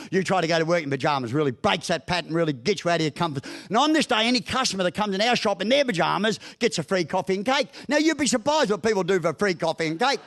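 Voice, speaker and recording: A man's voice: high voice, fairly bright tone. A middle-aged Australian man giving a humorous business talk, telling stories in a blunt, folksy way with mild swearing. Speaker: business speaker. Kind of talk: humorous keynote speech.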